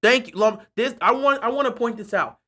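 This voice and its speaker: Sharp-voiced man ranting after a loss. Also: very high voice, brisk. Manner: frustrated and sarcastic, repeats himself. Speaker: fan streamer. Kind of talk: post-game fan rant.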